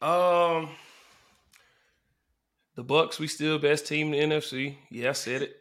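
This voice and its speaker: A man's voice: a little high, measured pace. A man, a former football player, telling stories in casual sports talk and acting out the fans around him. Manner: animated storyteller, acts out fans in the stands.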